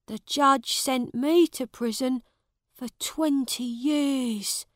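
A woman's voice: high-pitched, slow pace, no echo, studio quality, pitched above the performer's own voice. A woman voicing a wronged, bitter male prisoner in a storybook reading. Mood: aggrieved.

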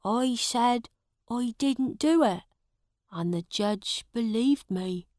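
A woman's voice: a little high, takes it slowly, darkish tone, dry recording, clean studio sound, pitched above the performer's own voice. A woman voicing a poor male prisoner pleading his case in a storybook reading.

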